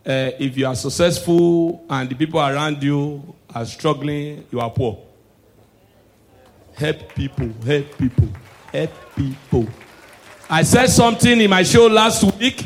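High-voiced Nigerian stand-up comedian. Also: male voice, a little slow, faint music behind. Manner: loud, animated punchlines mixing Pidgin and English. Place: live stage show.

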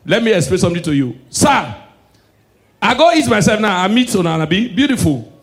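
A man with a Nigerian accent performing stand-up comedy. He mixes Pidgin and English and swings between murmured asides and shouted punchlines. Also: high-pitched, very animated, fairly quick.

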